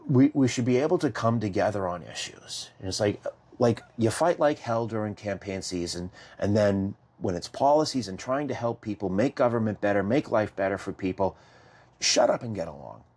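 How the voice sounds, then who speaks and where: A man from Massachusetts telling his story as a podcast guest, animated and full of restarts, acting out what others said. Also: on the low side, moderate pace. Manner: animated, repeats and restarts, acts out quotes. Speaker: guest, survivor advocate.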